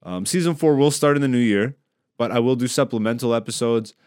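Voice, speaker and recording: A man's voice: mid-range voice, fairly quick, a little mellow, no room sound. A man hosting a podcast in a studio, talking in a loose, rambling, joking way. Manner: rambling, joking, laid-back. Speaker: podcast host. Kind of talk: casual podcast chat. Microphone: studio microphone.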